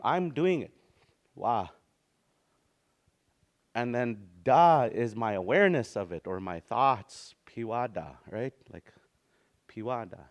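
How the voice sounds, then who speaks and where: A man leads a small classroom language lesson in an easygoing, conversational way. He chuckles between points and draws out his words in a sing-song lilt. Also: medium pitch. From Canada. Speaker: language teacher. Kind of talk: casual classroom teaching.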